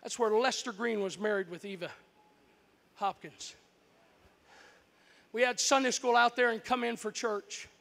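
High, bright preacher telling stories. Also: male voice, unhurried, vocal fry, long pauses, in a large hall. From Florida. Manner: animated, breaks into shouts at story peaks. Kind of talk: storytelling sermon.

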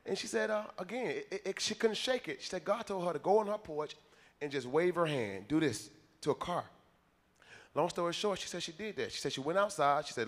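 High-voiced man preaching folksy sermon. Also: animated, fairly quick. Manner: conversational, folksy preaching with repetitions.

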